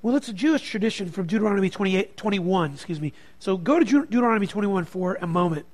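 Pastor, male, high-pitched, animated sermon delivery, dips quiet then builds loud. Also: fast talker. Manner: animated preaching, swinging from quiet to emphatic.

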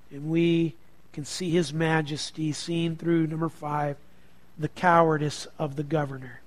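A man preaching a sermon to a congregation, moving from quiet reflection to loud, emphatic passages. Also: fairly high pitch. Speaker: pastor.

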